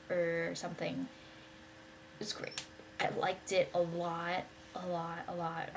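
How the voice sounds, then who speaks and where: There's slight background noise as a young woman with a mid-range voice talks to camera about favorite books. Her vlog is casual, eager and meandering, full of fillers and restarts.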